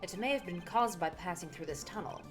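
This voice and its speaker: A woman voicing a composed, formal male prosecutor from a game, with a lowered, measured delivery. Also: lively intonation, over music, close to an everyday voice. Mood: deductive.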